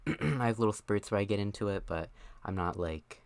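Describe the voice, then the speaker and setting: A man's voice: fairly low pitch, expressive, moderate pace, gravelly, clean tone, dry recording. A young man chatting on a live stream, out of breath, rambling and joking at himself with lots of fillers. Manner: rambling, self-mocking, many fillers. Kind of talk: casual live stream chat.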